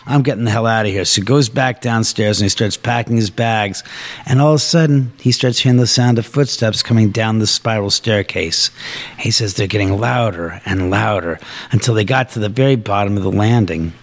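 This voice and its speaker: A man's voice: on the low side, fairly quick. A man telling his house's ghost stories on a live show, acting out the voices of the people he quotes. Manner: animated storyteller, acts out quoted voices. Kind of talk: live podcast storytelling. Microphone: shared studio mic.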